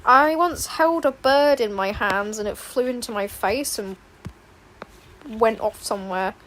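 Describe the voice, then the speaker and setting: A woman's voice: on the high side, unhurried, fairly bright tone. A young woman chatting casually with viewers while she draws, rambling with laughing asides. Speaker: streamer and artist. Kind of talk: casual chat while drawing. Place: home room, indoors.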